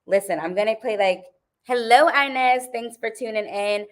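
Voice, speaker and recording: This livestream host, a young adult woman, has a fairly high-pitched voice and a moderate pace. She keeps things casual, talking animatedly to her viewers and laughing a lot.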